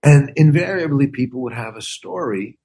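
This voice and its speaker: A man's voice: mid-range voice, normal speed. Older guy telling showbiz stories, acts out every exchange, voice jumps all over. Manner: animated storytelling, acts out quoted exchanges. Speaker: guest actor and comedian. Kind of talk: casual chat.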